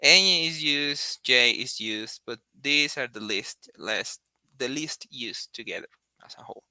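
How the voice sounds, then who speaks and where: Man, very bright crisp voice, casual lesson. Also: mid-range voice, lively intonation, a little slow, no echo. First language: Spanish. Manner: thinks aloud with frequent restarts and fillers. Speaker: Spanish teacher.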